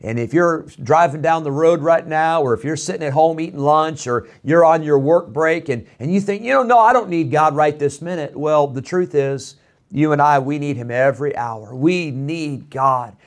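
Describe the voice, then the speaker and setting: A man's voice: a little high, normal speed. A man preaching an earnest radio sermon, pleading and emphatic with much repetition.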